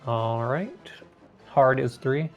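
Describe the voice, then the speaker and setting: A man's voice: medium pitch, expressive, takes it slowly, dull audio, soft background music. A man playing in a tabletop game, polite and agreeable, with some hesitation. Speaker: player. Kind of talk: casual tabletop play.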